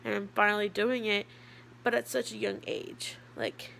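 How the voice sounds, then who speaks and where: A teenage girl talking to camera in a casual vlog, rambling with lots of fillers and sometimes dropping to a soft, quiet voice. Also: medium pitch, big pitch swings, normal speed, creaky, a little hiss or hum. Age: teens. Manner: chatty, rambling, with many fillers. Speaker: vlogger.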